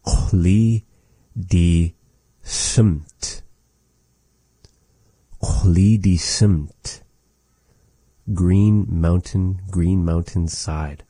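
A man teaching a vocabulary lesson, slowly repeating each word with folksy, patient asides. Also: low-pitched, dark tone, slightly rough, no echo. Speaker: language teacher.

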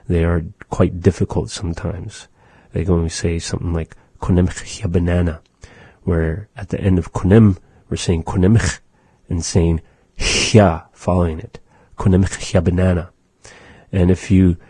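A man teaching a language lesson, patiently explaining and slowly demonstrating how sounds are made. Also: low-pitched, mellow, slightly rough, no room sound.

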